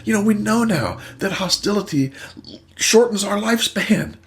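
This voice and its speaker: A male therapist teaches through a story, talking with emphatic energy and acting out bits of voices. His voice sits fairly high with big swoops of pitch. A gravelly fry runs through it. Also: normal speed. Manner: animated, emphatic, acts out voices. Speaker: host, therapist.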